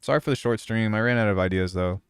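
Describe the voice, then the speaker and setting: A young man talking loosely to his stream audience, meandering with lots of fillers. His mid-range voice is smooth and clear. The sound is close and dry, with no echo. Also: lowish voice, quick pace. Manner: relaxed, rambling, many fillers. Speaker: music producer streamer. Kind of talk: casual live-stream chat.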